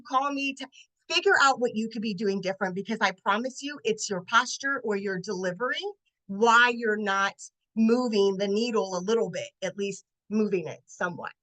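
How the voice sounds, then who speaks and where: A woman in her late forties, a network marketing consultant, telling an animated sales story on a team training video call. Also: on the high side, poor audio. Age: 40s. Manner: animated, acts out voices in her stories.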